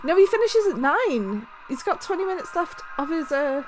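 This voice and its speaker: Giggly high-voiced woman streaming. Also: moderate pace, low-quality recording. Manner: giggly, animated, breaks into laughter often. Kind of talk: casual storytelling to a stream. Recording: music playing underneath.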